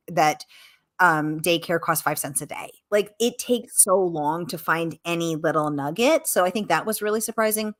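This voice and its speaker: A middle-aged woman author answering questions in a casual livestream Q&A, animated and exclamatory, breaking into quick laughs. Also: medium pitch. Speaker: author being interviewed.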